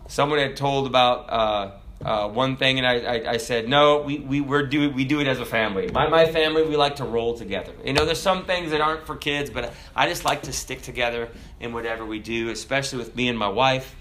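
A middle-aged man preaching a sermon as a pastor, telling stories and jumping from loud, high bursts to soft, low asides. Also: fairly quick. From America. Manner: animated storytelling preacher, jumps loud and high then drops soft.

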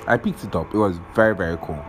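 A man's voice: deep voice, fast talker, faint music behind, rough recording. A young man hosting a podcast, rambling casually, swearing often and losing his train of thought while he has a cold. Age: young adult. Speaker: podcast host.

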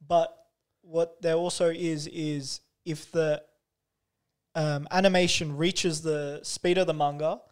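A man's voice: a little high, flat delivery, slow, smooth. A young man co-hosting a podcast in casual chat, teasing, swearing and laughing often. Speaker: podcast co-host.

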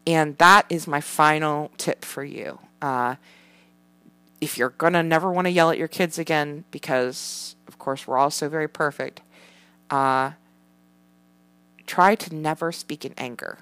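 A woman with a low voice talks through parenting advice in a loose, rambling way, full of fillers and the occasional curse. The recording is dry and close, with almost no room sound. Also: a little slow, sharp tone, no echo. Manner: rambling, frequent fillers, casual swearing. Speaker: parent sharing parenting tips. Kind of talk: casual chat.

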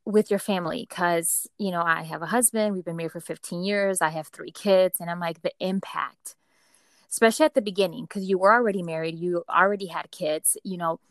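Lady host in her 30s, kinda low voice, long wandering questions, dry sound. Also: fairly even intonation, fairly quick, fairly bright tone, no echo. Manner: encouraging, rambling questions. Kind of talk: casual interview conversation.

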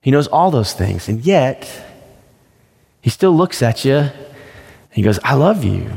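A man's voice: mid-range voice, big pitch swings, unhurried, darkish tone, in a large hall. A man preaching a sermon as pastor, in a conversational storytelling way.

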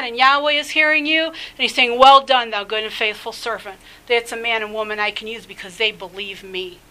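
Fervent high-voiced woman preaching. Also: bright, forceful tone, rough recording. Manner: fervent, exhorting, with many restarts and filler phrases. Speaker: rabbi preaching a podcast teaching. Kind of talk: sermon.

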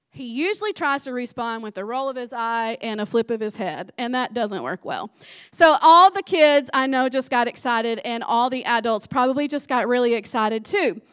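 A woman pastor with a high voice preaches in a church. She is chatty and animated and keeps turning to people in the pews with questions and asides. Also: smooth. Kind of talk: sermon.

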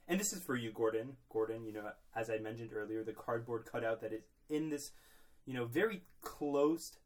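A young man co-hosting a podcast in a small closet, rambling mock-seriously with lots of filler words. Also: mid-range voice. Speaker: podcast co-host. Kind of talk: comedic casual chat.

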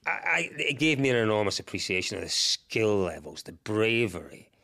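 Animated man with a gravelly voice. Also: on the low side, moderate pace. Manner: animated, laughing, swearing storyteller. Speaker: guest. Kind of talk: storytelling in podcast chat.

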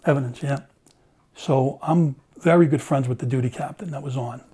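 Middle-aged man, former cop, swearing storyteller; mellow, raspy voice. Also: medium pitch, normal speed. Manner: animated, acts out dialogue, swears freely. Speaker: former police officer telling his story. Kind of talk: casual storytelling in conversation.

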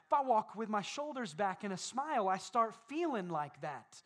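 A man preaching a sermon as pastor, building repeated phrases up to loud peaks. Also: high-pitched, lively intonation, moderate pace, few pauses.

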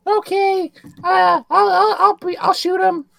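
A man voicing an eager young male adventurer in a strained falsetto. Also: flat delivery, measured pace, creaky, pushed and bright, no room sound, clean studio sound, full character voice.

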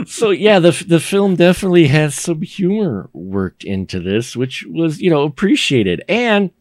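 A man's voice: fairly high pitch, big pitch swings, unhurried, no room sound. A man co-hosting a podcast in casual movie review chat, rambling and jokey, recorded on a close mic in a dry studio room. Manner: rambling, jokey, acts out scenes with put-on voices. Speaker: podcast co-host.

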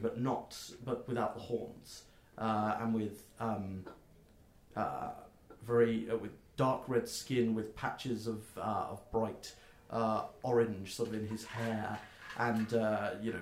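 A man narrating as game master of a tabletop game, talking haltingly with many fillers. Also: mid-range voice, slight background noise. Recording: roomy echo.

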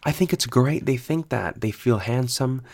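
A man telling stories in a casual solo chat, animated and profane, laughing often. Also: medium pitch, normal speed. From United States.

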